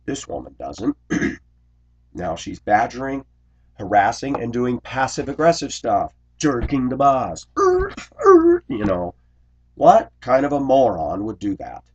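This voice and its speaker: A man who drives a school bus, telling a workplace grievance story in an indignant, complaining way, clearing his throat often. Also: medium pitch, expressive, unhurried, darkish tone, muffled recording. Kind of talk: ranting personal storytelling vlog.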